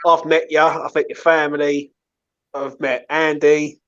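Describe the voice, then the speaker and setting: Man, slightly high voice, casual repetitive pep talk, dull lo-fi call audio. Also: flat delivery, a little slow, fairly bright tone, clear, resonant tone. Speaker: guest on a live watchalong stream. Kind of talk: casual encouraging chat.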